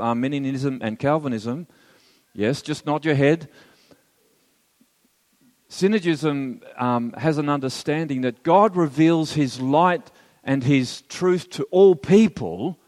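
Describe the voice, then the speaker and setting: A man's voice: fairly high pitch, big-room sound. A man teaching theology as a sermon, earnest and emphatic, with wry asides to his listeners. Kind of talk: sermon lecture.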